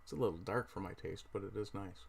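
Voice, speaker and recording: A middle-aged Newfoundland man hosts a relaxed livestream in a lowish voice. He rambles along, stops to fix his own words and tosses off chatty asides as he clicks through pages. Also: quick pace, gravelly, breathy edge. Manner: rambling, self-correcting, chatty asides while browsing. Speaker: livestream host. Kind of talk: casual livestream chat.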